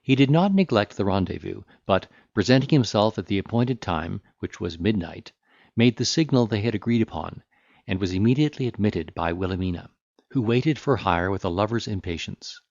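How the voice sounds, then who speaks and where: A low-pitched man reads a classic novel aloud in a measured, formal way. The sound is dry and close with no room around it, and slightly dull, lo-fi in its frequency range. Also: lively intonation, creaky, darkish tone, dry recording. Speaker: audiobook narrator. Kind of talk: scripted narration of a classic novel.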